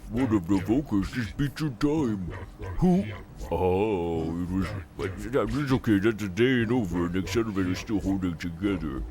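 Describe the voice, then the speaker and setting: Guy doing a hyped race manager, low voice that jumps around a lot. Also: animated, normal speed, crowd noise. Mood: excited. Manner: enthusiastic, cheering. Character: excitable male swoop track manager, proud.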